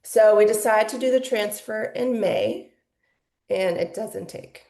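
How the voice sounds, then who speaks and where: A woman's voice: medium pitch, measured pace, warm tone, roomy sound. A woman in her forties telling her personal story as a podcast guest, candid and emotional, with lots of "like" fillers. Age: 40s.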